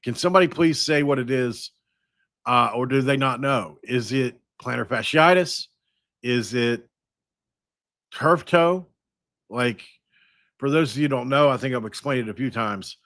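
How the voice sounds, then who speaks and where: A man's voice: medium pitch, measured pace, long pauses, a bit bright, no echo. Rambling man, dry close podcast mic. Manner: rambling, thinks aloud with frequent restarts. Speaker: podcast host. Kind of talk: casual sports podcast talk.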